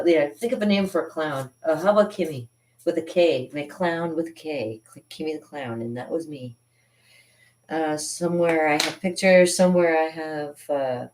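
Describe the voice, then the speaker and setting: Low-voiced chatty woman artist. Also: a little mellow. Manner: chatty and rambling, with frequent laughs. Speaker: artist hosting a live drawing stream. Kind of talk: casual live drawing tutorial.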